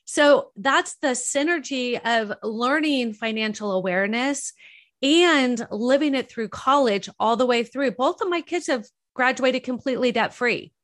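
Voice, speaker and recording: A middle-aged woman with a high voice hosting a relaxed interview. She speaks conversationally and shares anecdotes. The sound is dry and close, with no room around it. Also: a little slow, dry recording. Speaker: podcast host. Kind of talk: casual interview talk.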